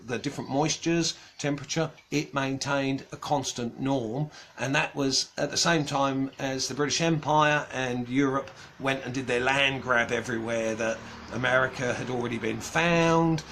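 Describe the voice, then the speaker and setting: A man's voice: medium pitch, moderate pace, a bit bright, a little hiss or hum. An Australian man rambling casually as he answers viewer comments on a livestream, chuckling, with many ums and restarts. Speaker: livestream host.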